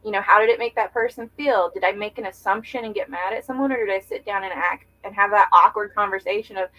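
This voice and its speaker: A woman's voice: medium pitch, fast talker, few pauses, bright, forceful tone, rough recording. A young woman speaking as a podcast guest, reflective and earnest, talking candidly with many filler words. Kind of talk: candid conversational interview.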